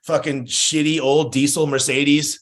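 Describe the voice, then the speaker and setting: A man's voice: fairly high pitch, little pitch movement, a little slow, a bit bright. A man guesting on a podcast, chatting casually, laid-back, swearing freely and acting out the voices of people in his stories. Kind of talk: casual chat.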